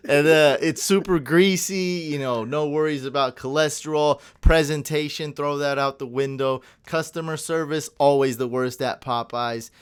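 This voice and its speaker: A young man co-hosting a podcast, chatting casually and telling an animated story full of tangents and laughs. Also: fairly high pitch, normal speed, hardly any pauses, clear, resonant tone. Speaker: podcast co-host. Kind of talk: casual chat.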